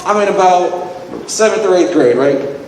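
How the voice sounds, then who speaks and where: A young man doing stand-up at an open mic, telling a self-mocking, profane story with lively timing. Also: sits high, a little slow. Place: large convention hall with live audience. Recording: echoey hall, distant mic, noisy.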